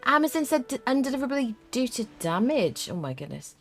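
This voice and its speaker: A woman's voice: high-pitched, big pitch swings, brisk, faint music behind. A young woman streaming a survival game, chatting with her viewers, reading chat aloud and humming little tunes as she plays. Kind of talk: live-stream gameplay commentary.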